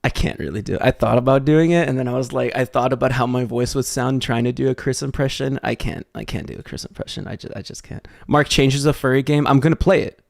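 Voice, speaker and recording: A man's voice: medium pitch, fairly even intonation, quick pace, creaky, no room sound, clean studio sound. A young man from Texas streaming live, chatting loosely and reading viewer messages, rambling with lots of fillers and restarts.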